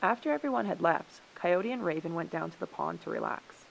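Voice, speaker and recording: A woman reads a children's story aloud for radio, low in pitch with a lively, expressive rise and fall. Her voice has a gravelly edge at the ends of phrases. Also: brisk, poor audio. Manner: expressive, gently paced storytelling. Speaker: narrator.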